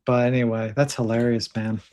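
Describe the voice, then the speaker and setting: A man's voice: mid-range voice, flat delivery, brisk, darkish tone. A man co-hosting a casual stream chat, rambling through stories and giving advice. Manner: rambling storyteller, gives advice.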